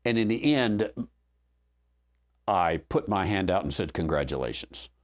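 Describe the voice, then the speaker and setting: Male Bible teacher, slow-paced, lively intonation, conversational with fillers, dry wit. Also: on the low side. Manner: conversational, frequent fillers and restarts, dry humor.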